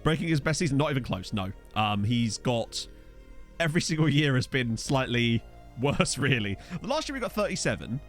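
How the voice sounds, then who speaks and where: A man streaming a football management game, rambling and riffing with his chat between excitable outbursts. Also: mid-range voice, moderate pace, soft background music.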